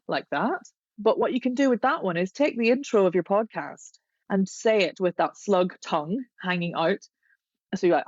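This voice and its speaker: A woman voice coach, chatting as a podcast guest and explaining vocal exercises in a demonstrative, unhurried way. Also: mid-range voice, animated, darkish tone, dry recording, highs cut off.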